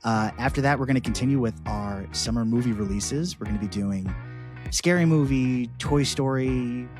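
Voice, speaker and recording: A man co-hosting a podcast in casual chat, talking in halting bursts with frequent restarts. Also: mid-range voice, music in the background. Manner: halting, many restarts and fillers. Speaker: podcast co-host.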